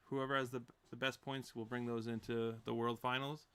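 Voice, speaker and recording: A young man in casual podcast chat, giving rambling, halting explanations full of fillers. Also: mid-range voice, flat delivery, a bit bright, clear, resonant tone. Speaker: racing podcast participant.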